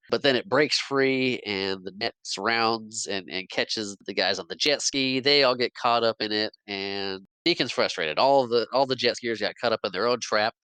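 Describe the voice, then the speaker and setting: A podcast co-host with a medium-pitched, slightly bright, clear and resonant voice retells a film scene by scene in casual movie-recap chat. The recording is dry and low quality, and he often restarts and laughs softly.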